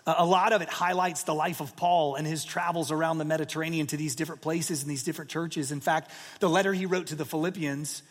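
High-voiced storytelling pastor in a hall. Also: male voice, fairly even intonation, fast, hardly any pauses. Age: 40s. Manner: storytelling, conversational with many fillers. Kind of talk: sermon.

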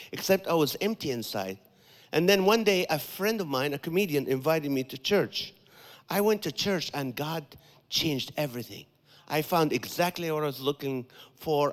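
Male Christian comic, animated storyteller, slightly high voice, mic in a reverberant church hall. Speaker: Christian comedian. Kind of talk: stand-up comedy set in church. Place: large church auditorium.

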